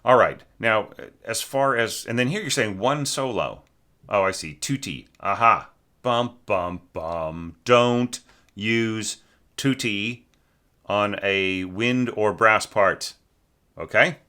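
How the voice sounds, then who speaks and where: Going over a student's score, an orchestration teacher chats in a relaxed, unhurried way, restarting his sentences and singing musical lines out loud. His voice is on the low side, animated, with a sharp tone.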